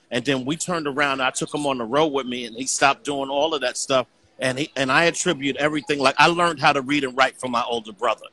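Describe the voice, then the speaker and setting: A man's voice: medium pitch, sharp tone, slight background noise. A middle-aged man talking earnestly as a guest in a casual conversation, often saying "you know what I'm saying".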